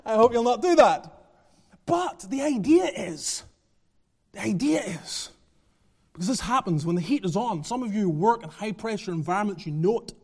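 Male preacher with a high voice, passionate and emphatic, builds to shouts and drops to quiet asides. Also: expressive, moderate pace. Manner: passionate, rising to near-shouting then dropping low; repeats phrases, chuckles. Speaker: pastor. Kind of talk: sermon.

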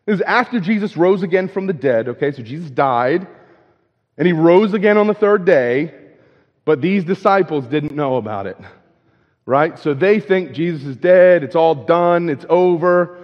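Higher-voiced preacher in an echoing hall. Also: male voice, animated, moderate pace. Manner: conversational, checks in with "right?" often; repeats and restarts as he goes. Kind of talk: sermon. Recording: dull lo-fi with long hall reverb.

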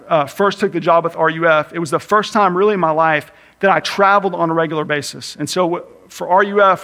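A man in his thirties preaching a sermon, earnest, slowing and speeding up for emphasis. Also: a bit bright. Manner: earnest, varies pace for emphasis, acts out his kids with a higher voice. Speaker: campus minister preaching.

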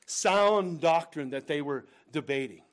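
A man preaching a sermon as pastor, swinging between loud emphatic bursts and hushed, slow asides, and asking listeners rhetorical questions. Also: a little high.

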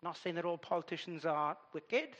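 A man's voice: a little high, brisk, a bit bright, big-room sound. A man preaching a sermon, telling the story with animation and acting out voices.

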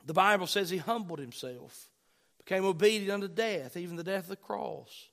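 A male pastor with a high voice delivers a fervent sermon. He swings between loud, urgent bursts and quiet, softer asides. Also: normal speed, gravelly.

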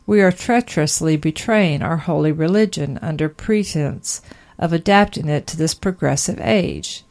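A woman's voice: sits low, normal speed, creaky, darkish tone. A woman reading an old-fashioned sermon aloud, earnest and emphatic, full of rhetorical questions. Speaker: sermon reader.

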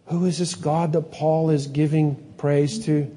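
A man preaching a sermon, telling stories with lively energy and sometimes acting out excited scientists in a higher voice. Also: unhurried, few pauses. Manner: animated storytelling, acts out excited scientists in a higher voice. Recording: long hall reverb.

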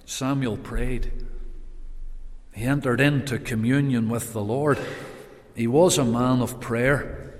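A man preaching a sermon, swinging between raised emphatic calls and hushed solemn passages, with repeated rhetorical questions. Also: mid-range voice. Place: church. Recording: long reverb of a church hall.

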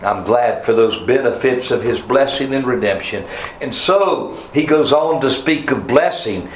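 A man preaching a sermon, fervent, his voice swinging from soft, slow passages to loud, rising emphasis. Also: medium pitch, a little hiss or hum. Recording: echoey room with faint ambience.

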